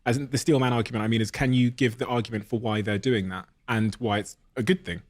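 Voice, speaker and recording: A man hosting an interview, asking curious, measured questions. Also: mid-range voice, steady tone. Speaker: podcast host.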